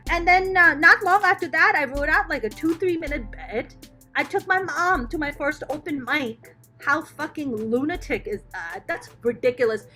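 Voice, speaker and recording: A middle-aged woman, a stand-up comedian, telling her life story as a podcast guest in a candid, profane, animated way. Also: sits high, moderate pace, soft background music. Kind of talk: casual interview storytelling.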